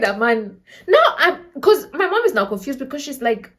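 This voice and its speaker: A young woman with a Namibian accent telling a dramatic story to camera in a casual, animated way, acting out quotes and laughing often. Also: high-pitched, normal speed. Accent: Namibian English. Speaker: storytelling vlogger.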